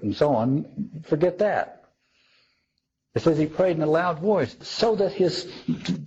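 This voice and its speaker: A man's voice: medium pitch, a little mellow, breathy edge, muffled recording. A man giving a reflective spoken talk on theology, thoughtful and wry, often restarting his sentences. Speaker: speaker on theology.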